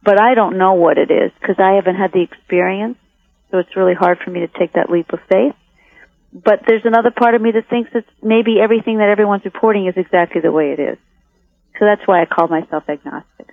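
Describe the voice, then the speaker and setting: A woman who makes documentaries talks through her reasons in a thoughtful way, often restarting her sentences. Her voice comes over a tinny phone line with no room sound at all. Her pitch sits in the middle of the usual range. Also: fairly quick, vocal fry, no room sound. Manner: reflective, with many restarts. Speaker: documentary filmmaker, guest. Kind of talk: interview answers. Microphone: telephone.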